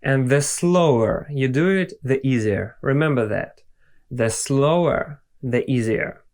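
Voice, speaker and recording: Male vocal coach, young, Russian native speaker, very slow unhurried delivery, patient explainer. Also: medium pitch, lively intonation, darkish tone. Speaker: singing teacher. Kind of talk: vocal lesson with sung demonstrations.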